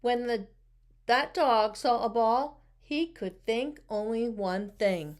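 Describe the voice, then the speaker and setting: A woman reading a picture book aloud, expressive and talking to the listeners with questions. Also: on the high side, slow. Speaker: storybook reader.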